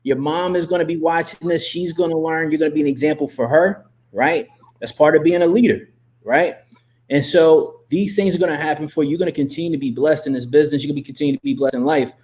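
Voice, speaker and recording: A man hosting a live interview as a coach, talking emphatically and repeating himself as he gives shout-outs and pep talk. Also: fairly high pitch, fast. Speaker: host and coach. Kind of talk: motivational livestream talk.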